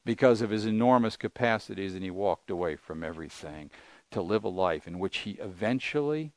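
A man's voice: on the low side, animated, fairly quick, darkish tone, no room sound. An older man preaching a sermon, earnest and conversational, asking his listeners rhetorical questions. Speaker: pastor.

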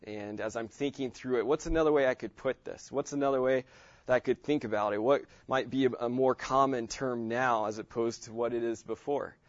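A man's voice: mid-range voice, steady tone, a little fast, no echo. Guy teaching a bible class, loose and chatty, lots of ums, kinda muffled dry recording. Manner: casual, with many fillers and restarts.

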